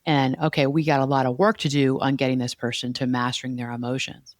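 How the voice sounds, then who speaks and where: A woman's voice: very deep voice, level tone, quick pace, no room sound. Earnest woman explaining feelings, dry sound. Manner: earnest, explanatory, repeats key words. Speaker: therapist and podcast host. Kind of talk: conversational podcast chat.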